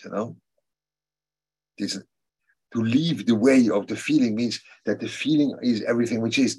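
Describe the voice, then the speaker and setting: Husky-voiced man, halting, thoughtful teacher. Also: on the low side. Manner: halting and thoughtful, repeats key phrases for emphasis. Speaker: religious teacher. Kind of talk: answering students' questions in a class.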